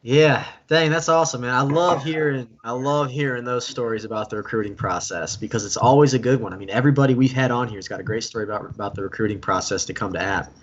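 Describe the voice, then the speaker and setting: A man's voice: medium pitch, fast, few pauses, lo-fi sound, slight background noise. A man hosting a casual live-stream interview, chatty and enthusiastic, often repeating himself. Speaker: host.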